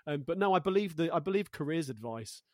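A man's voice: on the high side, expressive, quick pace, darkish tone, no room sound, clean studio sound. A man in his thirties from Coventry, a guest chatting thoughtfully in an interview, searching for words and joking at his own expense. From Coventry, England. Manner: thoughtful, searching for words, self-deprecating humor. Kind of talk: casual conversational interview.

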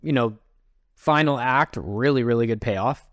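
A man's voice: mid-range voice, a little slow, a bit bright, no room sound. A man co-hosting a podcast, chatting casually, upbeat and often laughing. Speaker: podcast co-host. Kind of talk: casual chat.

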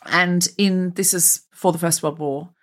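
Chatty Australian woman, low voice. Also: fairly even intonation, unhurried. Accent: mild Australian. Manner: chatty, rambling, self-deprecating. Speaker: podcast host. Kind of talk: casual chat. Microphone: video call.

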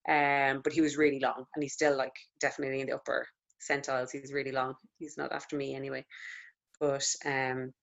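A woman's voice: rumbling low, flat delivery, fairly quick, creaky, lo-fi sound. A woman in her thirties with an Irish accent, a lactation consultant chatting casually as an interview guest. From Ireland. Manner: chatty, filler-heavy storytelling with frequent "like".

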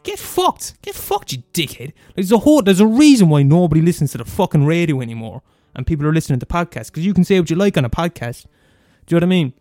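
A man's voice: fairly high pitch, lively intonation, mellow, dry recording, studio quality. Ranting, profane Irish man. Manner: profane, ranting, fast and mumbly. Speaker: podcast host. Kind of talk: casual solo rant.

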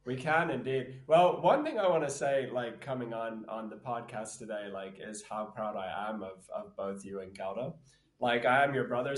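A man's voice: on the low side, reverberant. A man chatting casually on a podcast as the hosts' brother, teasing and rambling with lots of fillers. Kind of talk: casual chat.

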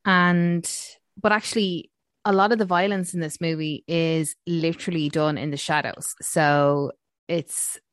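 A woman's voice: lowish voice, fairly even intonation, a little slow, dry recording, studio quality. A woman co-hosting a casual film review chat, rambling with lots of fillers. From Ireland. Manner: chatty, rambling with many fillers.

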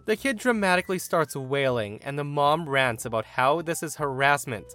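A man reading a forum story aloud in an animated storytelling manner. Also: mid-range voice, normal speed, few pauses, soft background music. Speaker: story narrator.

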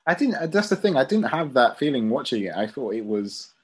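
A man in casual conversation, easygoing and quick to laugh, explaining his view at length. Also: medium pitch, big pitch swings, slightly rough. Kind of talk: casual chat.

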